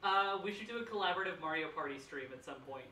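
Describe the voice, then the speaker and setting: A woman joining a game stream over voice chat, her bright voice sounding roomy and a bit far from the mic. She talks bluntly and gets excited fast, cursing when things go wrong. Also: fairly low pitch, a little hiss or hum. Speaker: streamer co-player. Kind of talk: casual gaming chat.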